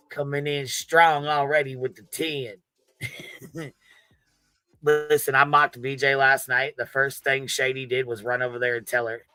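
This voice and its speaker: A man hosting a commentary livestream, loud and profane, laughing often as he trash-talks. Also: mid-range voice, clear, resonant tone, no room sound. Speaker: livestream host.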